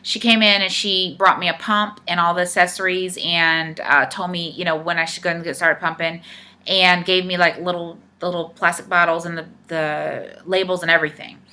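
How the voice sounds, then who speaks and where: Bright-voiced woman telling a story. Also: lowish voice, steady tone, normal speed. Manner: chatty, retells dialogue with many "I said", "he's like". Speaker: vlogger. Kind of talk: casual storytelling to camera.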